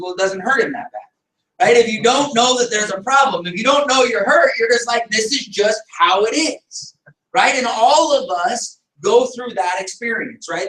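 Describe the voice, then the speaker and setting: A man giving an energetic motivational talk to a live audience in a meeting room, with lots of rhetorical questions and little acted-out scenes. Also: sits high. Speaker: speaker at a group meeting. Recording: echoey room, distant mic.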